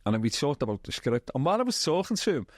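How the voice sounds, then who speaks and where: A man with a Liverpool accent, a TV writer being interviewed, telling anecdotes in a lively, chatty way, acting out quotes and laughing often. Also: on the high side, racing, no room sound, studio quality. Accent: Liverpool (Scouse). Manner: animated storyteller, acts out quotes, laughs often. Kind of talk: casual anecdotal interview chat.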